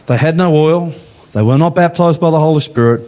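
A man preaching a sermon in a church, with slow, emphatic phrasing that rises and falls. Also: darkish tone. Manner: emphatic preaching, slow deliberate phrasing with rising and falling pitch. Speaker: pastor.

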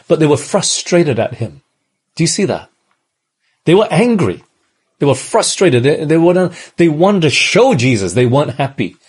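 A man's voice: medium pitch, a little mellow, slightly rough. A man preaching a sermon, earnest and repetitive, often putting rhetorical questions to his listeners. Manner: earnest, repeats phrases, asks the congregation rhetorical questions.

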